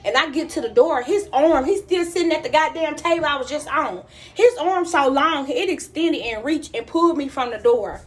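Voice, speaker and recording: A woman telling a story straight to her viewers in a casual, profane, animated way. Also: sits high, normal speed. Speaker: vlogger.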